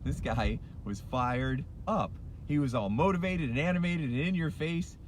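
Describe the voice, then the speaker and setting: His voice a little high and his pace moderate, a middle-aged man rants from his car at a red light, with slight background noise. A life coach and hypnotist, he's passionate and emphatic, hammering his motivational points through repetition.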